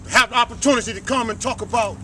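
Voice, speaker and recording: High, bright-voiced man preaching outdoors. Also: steady tone, rapid-fire, slight background noise. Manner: preacher-like call and response. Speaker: speaker at a flag ceremony. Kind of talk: impassioned public speech. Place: outdoors at a cemetery ceremony.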